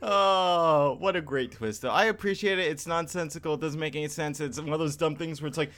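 A man's voice: fairly high pitch, a little fast, a bit bright. A man co-hosting a casual podcast, retelling comic scenes and acting out the characters' lines. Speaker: podcast co-host. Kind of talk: casual chat.

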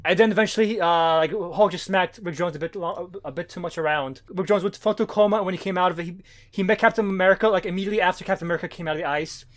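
A man's voice: high voice, very fast. A man co-hosting a casual comic book chat, rambling and profane, acting out characters' lines as he retells the story. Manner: rambling, profane, acts out quotes. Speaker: podcast co-host.

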